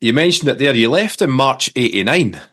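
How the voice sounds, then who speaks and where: A man's voice: medium pitch, sing-song, normal speed, a bit bright. A Scottish man hosting a podcast, asking chatty, prompting questions in casual interview talk. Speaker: podcast host.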